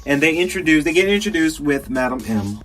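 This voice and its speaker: A man's voice: a little high, lively intonation, fairly quick, fairly bright tone. A young man from South Georgia with a Southern accent, hosting a casual podcast, rambling and chatty with many fillers and frequent laughs. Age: young adult. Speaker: podcast host. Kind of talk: casual solo game review talk. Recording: faint music behind.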